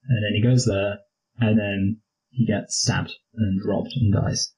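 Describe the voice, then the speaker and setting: A man's voice: on the low side, flat delivery, unhurried, dark tone, poor audio. A young man with a rambling, jokey manner, co-hosting a casual movie review chat. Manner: rambling, jokey, slips into posh impressions. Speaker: co-host of a movie review show.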